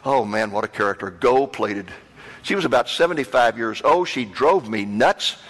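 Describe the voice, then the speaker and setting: A man preaching a storytelling sermon, animated, repeating words for emphasis. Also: mid-range voice, moderate pace. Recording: long hall reverb.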